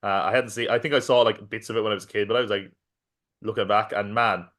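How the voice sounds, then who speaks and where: A man's voice: on the low side, steady tone, fast, fairly bright tone. A man co-hosting a podcast in casual chat, rambling and joking. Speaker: podcast co-host.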